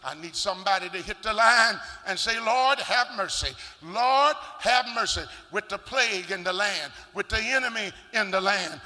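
An older man, a bishop, preaching a sermon with shouting, rhythmic sing-song delivery and call-and-response. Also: sits high, normal speed, few pauses. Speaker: bishop and pastor. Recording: long church reverb.

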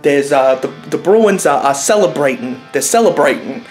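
A man's voice: fairly high pitch, expressive, moderate pace, a little mellow, natural voice. A man playing an angry bandwagon sports fan from Boston, ranting in a profane, repetitive comedy monologue with a Boston accent, over faint guitar music. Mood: fired up. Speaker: comedic character.

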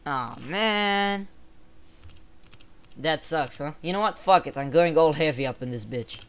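A young man commenting casually on a game he plays with a friend, excitable and swearing, often bursting into shouts. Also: fairly high pitch, a little slow, smooth. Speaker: gamer.

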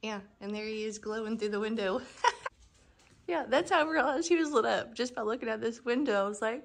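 A woman's voice: fairly high pitch, lively intonation, a little fast, vocal fry, soft background music. A woman giving a casual home decor walkthrough outdoors on her front porch. She talks in a chatty, upbeat way and laughs often.

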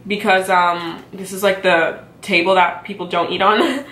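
A woman's voice: lowish voice, fairly even intonation, unhurried, a bit bright, a little hiss or hum. A young woman vlogging a casual mukbang, ranting in a chatty, exasperated way full of fillers while eating and chewing at her table at home. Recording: echoey room.

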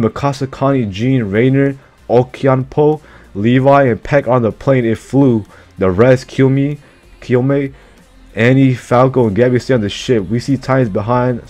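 A man's voice: medium pitch, a little mellow. A man casually reacting to an anime chapter, slangy and profane, who keeps blurting out exclamations.

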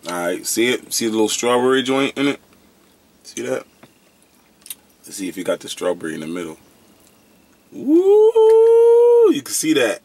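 Husky, excitable young man reviewing snacks. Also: on the low side, a little fast, long pauses. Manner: excitable, slangy, loud whoops. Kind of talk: casual food review vlog.

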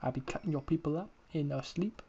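A man's voice: a little high, fairly quick, dull audio, noisy background. A young man giving casual, crude, joking commentary while playing a game, talking to the creatures on screen. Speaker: gamer uploading let's-play videos.

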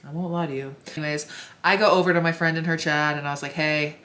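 Low-voiced chatty young woman. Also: quick pace. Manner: chatty, filler-heavy, animated asides with laughs. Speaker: vlogger. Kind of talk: casual storytelling.

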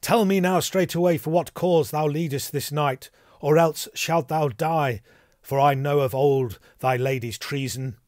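A man's voice: on the high side, normal speed, a little mellow, dry recording, clean studio sound, voice pushed up, lightly acted. A man voicing a bold, righteous male knight, declaiming in raised, formal old-fashioned speech. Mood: stern.

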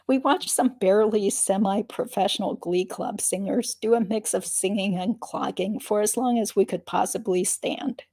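A woman's voice: medium pitch, dark tone. A woman reading a memoir aloud, breaking off for dry, wry asides between passages. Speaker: reader of a memoir.

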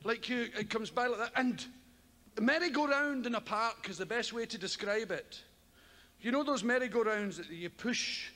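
A man's voice: very high-pitched, normal speed, pushed and bright. An older man with a Scottish accent doing rambling, profane stand-up comedy on a theatre stage, often laughing as he talks. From Scotland. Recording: live theatre, long reverb, audience noise.

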